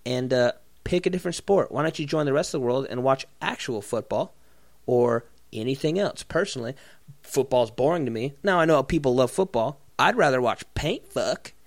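A man co-hosting a casual podcast, ranting in a profane, mocking way and acting out other people's voices. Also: fairly high pitch. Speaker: podcast co-host. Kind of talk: profane comedic rant.

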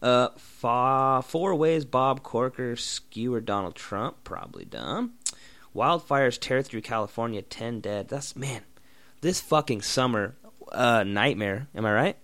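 A man's voice: mid-range voice, very animated, slow, fairly bright tone, dry recording. Profane ranting young man, dry room. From Oregon. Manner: profane, blunt, sarcastic ranting. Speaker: podcast host. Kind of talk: solo ranting podcast.

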